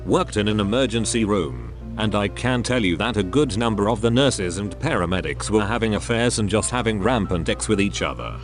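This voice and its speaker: A man reading online posts aloud in a flat, even manner. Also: on the low side, brisk, hardly any pauses. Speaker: story reader. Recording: with music behind.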